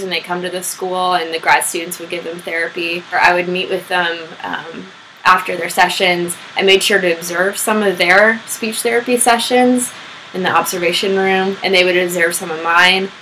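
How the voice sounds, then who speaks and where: A young woman music therapist chatting casually over a video call, laughing often and talking in quick bursts. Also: fairly low pitch, steady tone, pushed and bright, a little hiss or hum, low-quality recording.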